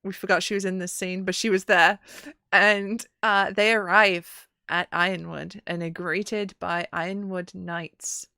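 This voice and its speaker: A woman's voice: on the low side, vocal fry, clean tone, no echo. Dry, close-miked woman recapping a game. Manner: animated, acts out characters in quick voices. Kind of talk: casual recap chat.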